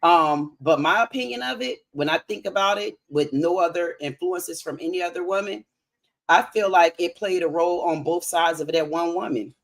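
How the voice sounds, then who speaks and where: A woman's voice: on the low side, normal speed. Candid woman sharing a frank opinion. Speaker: panelist. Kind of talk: casual panel discussion.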